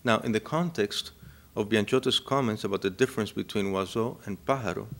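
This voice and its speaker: A man's voice: fairly low pitch, a little fast, vocal fry. A man from Cuba whose first language is Spanish, giving a reflective academic lecture and often checking in with his listeners. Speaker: university lecturer.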